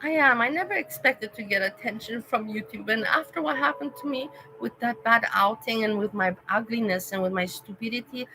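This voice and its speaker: Woman streamer, unscripted and emotional, talks straight to her chat in a bright, pushing voice. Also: on the high side, fairly quick, few pauses, slight background noise, poor audio. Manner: rambling and emotional, thanking and addressing chatters by name. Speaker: vlogger chatting with live viewers. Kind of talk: casual livestream chat.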